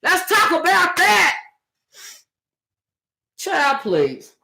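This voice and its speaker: A woman giving impassioned opinion commentary, preachy and hollering at times, stumbling over her words and repeating phrases for emphasis, close on a loud microphone. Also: extremely high pitch, wildly swooping pitch, very slow, gravelly. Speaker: commentary channel host. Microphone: loud close desktop microphone.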